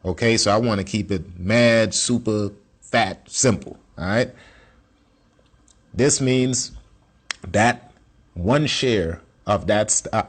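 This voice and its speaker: Man, lowish voice, casual lesson, slangy, profane, repeats himself. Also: unhurried, pauses often. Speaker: self-taught investing teacher. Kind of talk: casual screen-share lesson.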